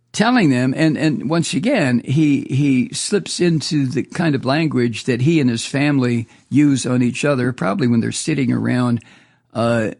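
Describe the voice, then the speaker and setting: A man's voice: medium pitch, gravelly, darkish tone. A male talk radio host delivering a profane, indignant political monologue, stumbling and repeating words as he goes.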